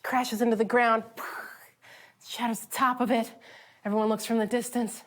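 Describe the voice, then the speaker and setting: Woman pitching a storyboard. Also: level tone. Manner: acting out scenes, quick, playful.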